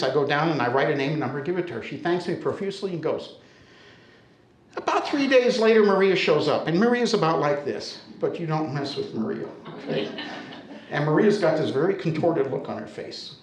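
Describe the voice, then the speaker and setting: An American man telling a humorous story live to an audience, in a conversational, animated way, often checking in with his listeners. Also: fairly high pitch. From United States. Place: storytelling center, indoor stage. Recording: roomy echo of a hall.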